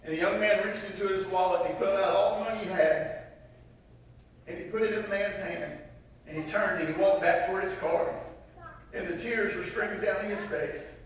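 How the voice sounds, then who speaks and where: Man preaching, storytelling, acted-out voices, high voice, far from the mic in a big echoey church. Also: a little hiss or hum. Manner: storytelling, acts out voices, laughs at himself. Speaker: pastor. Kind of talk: sermon. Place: large church sanctuary.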